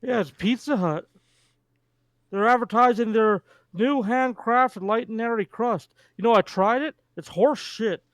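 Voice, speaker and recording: Guy with a high smooth voice, jokey and crude, ranting to his buddy. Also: unhurried, a bit bright, no echo. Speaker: co-host friend. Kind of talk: casual chat.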